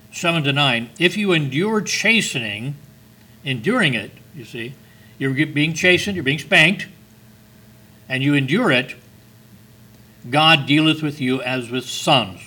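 A man's voice: fairly high pitch, lively intonation, measured pace, pushed and bright, slightly rough, low-quality recording. An older man preaching a sermon, reading scripture with earnest, emphatic stresses.

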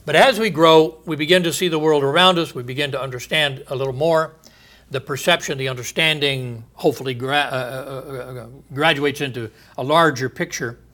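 Bright-voiced earnest preacher man. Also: mid-range voice. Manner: earnest, teaching, rhetorical questions, emphatic pauses. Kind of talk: sermon.

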